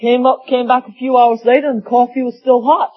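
High-voiced preacher with a drawl. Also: male voice, little pitch movement, fairly quick. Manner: folksy storytelling with acted quotes. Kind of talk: sermon. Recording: dull lo-fi sound.

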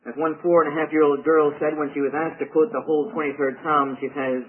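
A man's voice: little pitch movement, a little fast, few pauses. Man preaching over a tinny radio line. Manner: emphatic, repeats phrases for effect, pitch swings widely. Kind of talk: sermon. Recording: tinny radio broadcast sound.

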